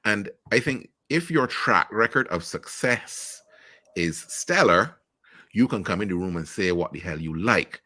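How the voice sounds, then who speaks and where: A man's voice: low voice, animated, unhurried, sharp tone, no echo. A middle-aged man with a Caribbean accent, a guest on a podcast, telling frank stories with blunt jokes and the odd swear word. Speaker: podcast guest, marketing executive. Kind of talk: casual interview chat.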